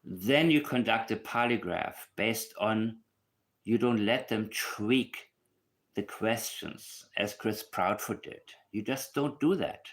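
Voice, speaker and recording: A man's voice: on the low side, slow, a bit bright. A man giving casual true crime commentary alone, emphatic and repeating his points for stress.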